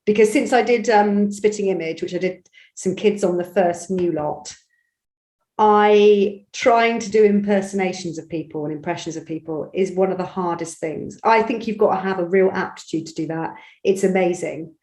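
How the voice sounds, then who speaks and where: Woman, Bristol accent, chatty, animated, mid pitch, echoey room. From England. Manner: chatty, animated storytelling with quick restarts. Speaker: audiobook narrator guest. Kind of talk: conversational interview.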